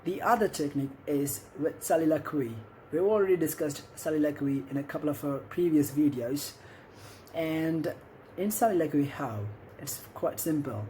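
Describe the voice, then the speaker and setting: A man's voice: on the high side, moderate pace, a little mellow, a little hiss or hum, poor audio. A man with an Indian English accent giving encouraging tips on learning an accent, often checking in with "okay?". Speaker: accent coach. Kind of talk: instructional talk to camera.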